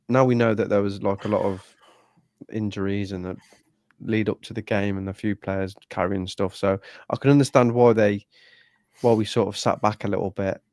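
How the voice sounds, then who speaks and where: A man's voice: on the low side, dark tone, dry recording, studio quality. A man chatting casually about football, swearing freely and restarting his sentences. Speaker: podcast co-host.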